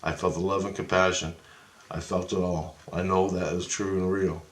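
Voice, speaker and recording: Swearing man rambling through a wild story, lowish voice, roomy echo. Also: flat delivery, moderate pace. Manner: profane, agitated, acts out voices in his story. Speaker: vlogger recounting astral travel. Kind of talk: rambling first-person storytelling.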